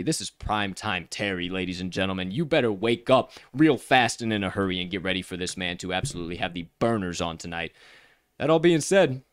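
Male betting show host, mid-pitch, dry close mic, loud-to-quiet hype delivery. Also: clear, resonant tone, no room sound. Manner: hype-filled, swearing, big swings in pitch and volume. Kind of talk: casual sports betting podcast talk.

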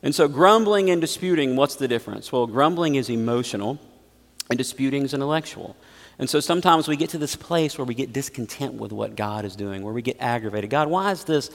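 A male pastor with a gravelly, creaky edge to his voice delivers a sermon, rising to loud emphatic peaks and dropping to hushed, low asides. His words ring out with a long reverb, as if spoken in a large church sanctuary. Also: a little fast. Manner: preaching with big swings between loud emphasis and quiet asides.

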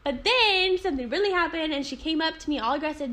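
A young woman co-hosts a casual podcast. Her voice is high-pitched, and she tells stories with relish. She acts out what others said and laughs along the way. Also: animated, fast talker, pushed and bright. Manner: storytelling, acts out quotes, laughs. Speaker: podcast co-host. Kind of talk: casual chat.

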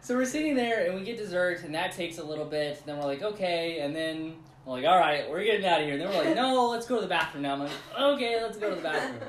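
A man's voice: sits high, quick pace, few pauses. Man animatedly retelling a story. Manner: rambling, animated retelling with laughs. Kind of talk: casual storytelling chat. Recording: echoey room.

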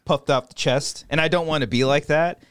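A man's voice: a little high, brisk, a bit bright, smooth, dry recording, studio quality. A man co-hosting a podcast, telling a story in a rambling, profane way and acting out the voices of the people in it. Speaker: podcast co-host. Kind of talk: casual chat, storytelling.

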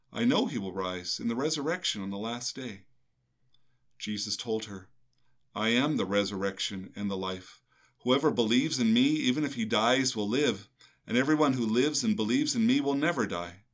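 A man's voice: mid-range voice, fairly bright tone. An older man, a priest, reading a gospel passage aloud and then reflecting on it in earnest, meditative talk with a co-host. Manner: earnest, meditative, with some restarts.

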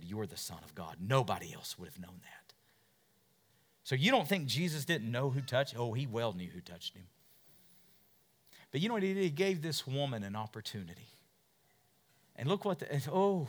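A man preaching a sermon, telling a Bible story with questions to his listeners and big swings from loud to hushed. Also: medium pitch, very animated, moderate pace, long pauses. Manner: asks the congregation questions. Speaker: pastor.

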